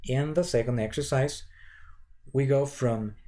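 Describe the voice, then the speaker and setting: Male voice teacher, unhurried, hesitant delivery with restarts, warm low timbre. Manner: slow, halting, with many fillers and restarts. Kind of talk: instructional lecture with vocal demonstrations.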